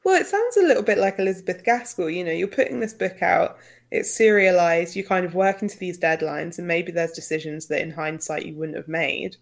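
A woman with a British accent co-hosting a casual book podcast, talking in a relaxed, thoughtful way with frequent "like" fillers. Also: lowish voice, a little fast, vocal fry, few pauses.

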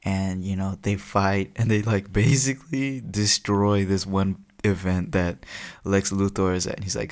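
A young man co-hosting a podcast, telling jokey stories in an animated, casual way. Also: low-pitched, measured pace. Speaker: podcast co-host. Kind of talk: casual chat.

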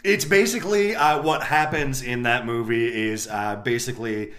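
A man's voice: mid-range voice, moderate pace, fairly bright tone. A man joking around in a casual movie podcast, tossing in goofy quips. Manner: jokey, throws in silly voices. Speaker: podcast co-host.

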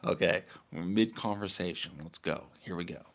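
A man's voice: low voice, normal speed. A man hosting a solo podcast, talking in a profane, self-mocking way and restarting his takes. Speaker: podcast host.

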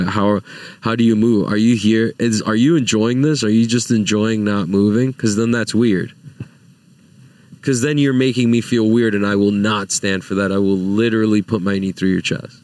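Low-voiced young man ranting profanely. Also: no echo. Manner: profane, exasperated, rises to loud high-pitched outbursts. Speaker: vlogger. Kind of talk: casual rant to camera.

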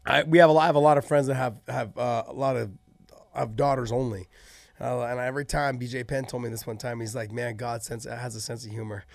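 A man in casual chat, telling fight stories with animated energy and freely swearing. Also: medium pitch, fast, vocal fry, dry recording. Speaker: podcast co-host and former fighter.

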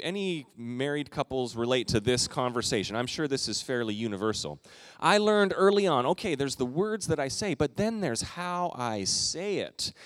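In a church sanctuary, a middle-aged pastor preaches to his congregation with a medium-pitched voice and no room sound. His storytelling is relaxed and conversational, sprinkled with quick asides.

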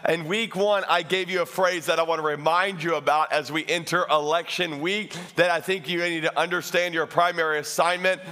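A pastor delivers a lively sermon in a high, ringing voice. His tone is bright and forward, and he talks straight to the congregation. He keeps the energy up and bursts into loud, comic shouts. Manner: addresses the congregation directly.

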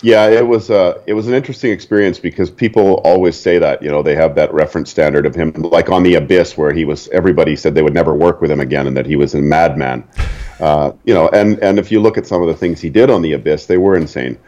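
A man's voice: low-pitched, fast talker, warm tone, muffled recording. An older man from Canada, a stunt performer, telling stories casually and chuckling at his own anecdotes. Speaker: interview guest, stunt performer.

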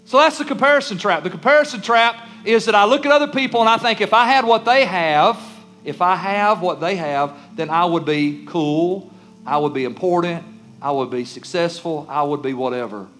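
A male pastor preaches to his congregation in an emphatic, lively way, now and then slipping into begging voices of kids and churchgoers. His voice sits high for a man. Soft music plays faintly beneath the sermon. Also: a little fast. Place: church sanctuary.

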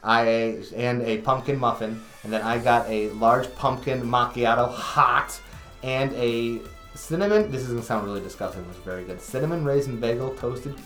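A man from Connecticut co-hosting a podcast in casual comedic chat, animated and playful, with bursts of loud exclamation. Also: medium pitch, moderate pace, roomy sound, soft background music. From Connecticut, USA. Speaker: podcast co-host.

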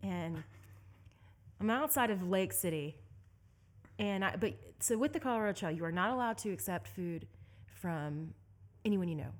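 A young woman from Southeast Texas telling a story as an interview guest, animated and laughing often. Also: mid-range voice, moderate pace. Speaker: guest, endurance bike racer.

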